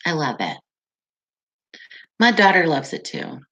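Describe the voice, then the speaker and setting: A woman in her forties hosts a relaxed livestream and talks in an unhurried, drawn-out way. She chats loosely, reads comments aloud and laughs often. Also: low-pitched. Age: 40s. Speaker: livestream host reading viewer comments. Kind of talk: casual live-stream chat.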